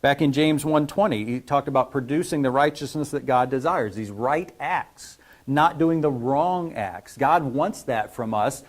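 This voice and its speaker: A man's voice: medium pitch, measured pace. A man preaching a conversational sermon, asking his congregation questions as he teaches. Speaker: pastor.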